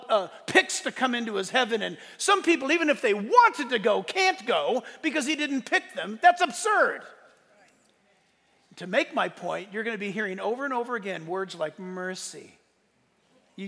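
Guy preaching a sermon, really high voice, big hall echo, loud then quiet asides. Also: vocal fry. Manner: emphatic preaching with rhetorical questions, drops to soft asides. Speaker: pastor. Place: church sanctuary.

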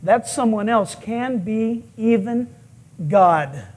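A male pastor preaching a sermon, telling stories with animated acted-out quotes and chuckles. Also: high voice, slow, slightly rough.

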